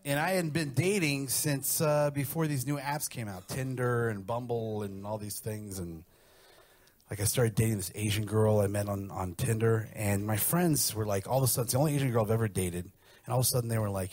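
A man performing a crude stand-up routine, telling stories deadpan and acting out the quotes. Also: medium pitch, fairly quick. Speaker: stand-up comedian.

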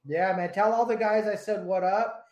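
A man's voice: high-pitched, steady tone, moderate pace, a little mellow. A man hosting a casual radio chat, laid-back and rambling, swearing often as he tells stories. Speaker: radio host. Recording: roomy echo.

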